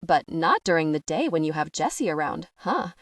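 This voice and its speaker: A woman's voice: low-pitched, sing-song, moderate pace, no room sound. A woman voicing a prickly, guarded teenage vampire girl in an audiobook, curt and defensive. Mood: snappish.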